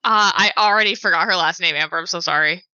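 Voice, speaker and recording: Brief: woman player, very bright, sharp tone, muffled lo-fi sound. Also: lowish voice, quick pace, dry recording. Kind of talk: tabletop game play.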